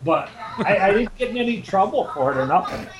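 A man swaps rowdy school-day stories with old friends, swearing and laughing as he goes. His voice swings widely in pitch. A steady noise sits behind him. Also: brisk. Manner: laughing storyteller, crude joking. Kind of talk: casual reminiscing. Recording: noisy background.

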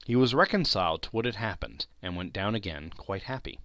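Bright, expressive male storyteller. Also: fairly low pitch, a little fast, no room sound. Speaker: reader. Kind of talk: dramatic reading of a classic novel.

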